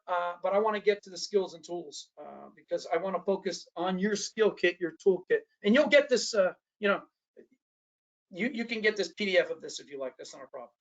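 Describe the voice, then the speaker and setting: With the highs cut off in the recording, a high-sitting male voice leads a training workshop in lecture form. He talks with animation, restarts sentences often, and voices the people he quotes.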